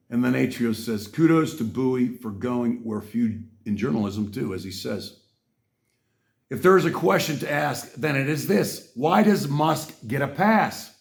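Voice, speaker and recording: A man hosting a podcast, reading aloud and reacting in a ranting commentary, swinging from muttering to angry shouting with heavy swearing. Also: on the high side, moderate pace, creaky. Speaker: podcast host.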